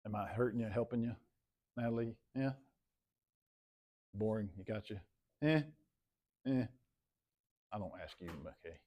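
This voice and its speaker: A man's voice: lowish voice, unhurried, pauses often, warm tone. A man teaching a math class in a classroom, talking casually, calling on students by name and repeating himself. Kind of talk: classroom lecture.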